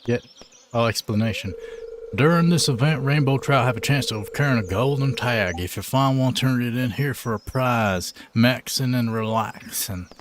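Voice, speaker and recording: A man's voice: mid-range voice, moderate pace, a little hiss or hum. A man chatting casually on a live game stream, laid-back and joking, full of slang.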